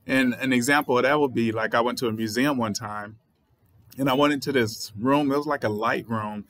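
A man's voice: medium pitch, fairly even intonation, brisk, a bit bright. A man with a Southern US accent, a writer and channel host, explaining a poem in a thoughtful way and spelling words out letter by letter. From Southern United States. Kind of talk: poetry reading with commentary.

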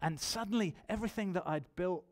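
A man's voice: high voice, fast, darkish tone. A man preaching a sermon in church, telling his own testimony and building to emphatic appeals.

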